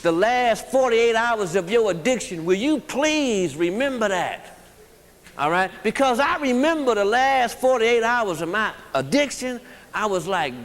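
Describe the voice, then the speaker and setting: A man's voice: sits high, sing-song, a little slow, a bit bright. A man speaking to a recovery group, blunt and emphatic, often checking in with the audience. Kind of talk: motivational recovery talk. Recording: long reverb of a hall.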